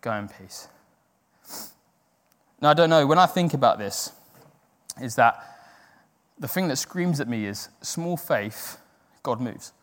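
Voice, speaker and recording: A man preaches in a loose, chatty way, joking with his congregation while staying earnest about faith. His voice sits a little high for a man, and it rings out with a long reverb in a large church hall. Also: animated, unhurried, long pauses. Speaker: church speaker. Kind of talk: informal sermon.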